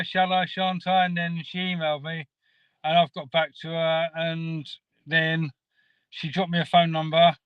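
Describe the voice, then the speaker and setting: A man telling a story in a rambling, halting way, full of restarts, as a guest in a casual chat. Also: fairly high pitch, clear, resonant tone, dry recording, highs cut off. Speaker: guest caller.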